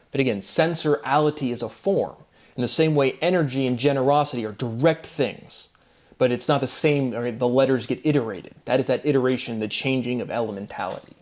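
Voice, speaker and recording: A man hosting his own channel, talking combatively in a rambling monologue and spelling out words letter by letter. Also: medium pitch. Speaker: channel host. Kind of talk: monologue to camera.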